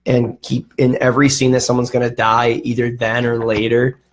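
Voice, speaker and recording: A man's voice: mid-range voice, normal speed. A man hosting a casual podcast chat, telling stories and acting out quoted lines. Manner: animated storyteller, acts out quotes. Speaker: podcast host.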